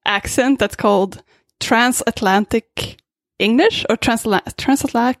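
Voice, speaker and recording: A woman's voice: fairly high pitch, a little slow, no room sound, clean studio sound. A woman co-hosting a casual podcast chat, explaining things in a chatty way. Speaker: podcast co-host.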